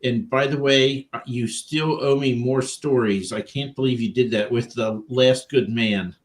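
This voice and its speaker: A man's voice: mid-range voice, fairly even intonation, a little slow. An older man co-hosting a podcast, asking plainspoken, wry questions. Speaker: podcast co-host. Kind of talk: casual podcast chat.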